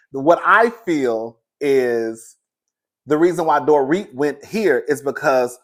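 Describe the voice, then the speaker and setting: A young man recapping a reality show in casual, sassy commentary, laughing often and calling the listener "girl". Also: fairly high pitch.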